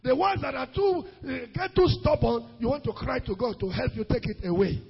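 A man preaching a sermon as pastor, rising into sung and shouted emphasis. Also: very high voice, fairly quick, vocal fry, husky, long reverb tail, highs cut off.

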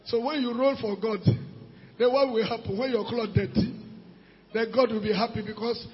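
A man with a Nigerian English accent preaching a sermon, animated, breaking into shouts and pidgin asides. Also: very high voice, normal speed. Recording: dull recording in a reverberant hall.

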